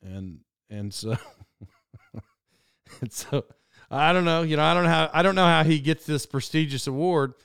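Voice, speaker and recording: A man with a slightly high, smooth and clear voice hosts a podcast. He talks in a loose, rambling monologue, often restarting mid-thought and laughing along the way. The sound is dry and close. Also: unhurried, pauses often, fairly bright tone, dry recording. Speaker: podcast host. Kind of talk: casual monologue.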